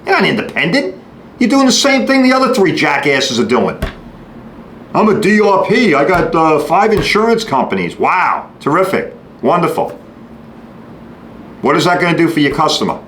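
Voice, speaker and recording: A man hosting a podcast, giving a blunt, sarcastic monologue and acting out customers and shop staff in quick quoted bits. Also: on the high side, very animated, fairly bright tone. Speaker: podcast host. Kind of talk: opinionated monologue. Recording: echoey room with faint noise.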